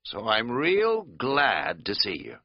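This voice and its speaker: A man's voice: fairly low pitch, wildly swooping pitch, takes it slowly, no room sound, lo-fi sound, exaggerated voice. A man voicing a rambling, folksy middle-aged American man who talks in a chatty, self-mocking drawl.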